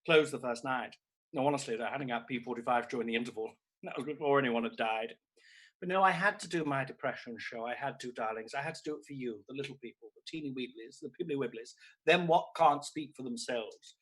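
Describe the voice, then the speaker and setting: A man's voice: medium pitch, a little fast, a bit bright, breathy edge. A man doing a comedy character act as a grandiose, needy aging theatrical diva who talks in a camp, theatrical way and calls everyone darling. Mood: melodramatic.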